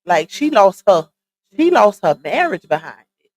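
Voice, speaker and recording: A woman's voice: mid-range voice, sing-song, normal speed, a little mellow, dry recording, poor audio. Chatty woman streamer, casual commentary. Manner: chatty, emphatic, addresses viewers directly. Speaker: live stream host.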